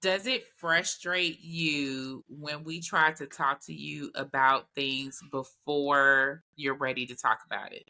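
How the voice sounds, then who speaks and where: A woman's voice: deep voice, slow, few pauses. A woman hosting a casual group chat, telling stories candidly and voicing her own asides. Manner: candid, animated storytelling with voiced asides.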